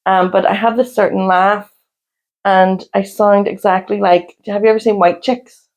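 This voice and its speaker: A woman, co-hosting a casual chat podcast and often breaking into loud, high laughter. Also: fairly even intonation, moderate pace. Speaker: podcast co-host.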